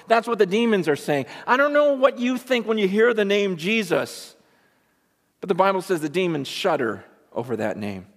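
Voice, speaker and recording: A man's voice: high-pitched, big pitch swings, moderate pace. Emphatic preacher, man, echoey hall. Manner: emphatic, rhetorical questions to the congregation. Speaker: pastor. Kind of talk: sermon.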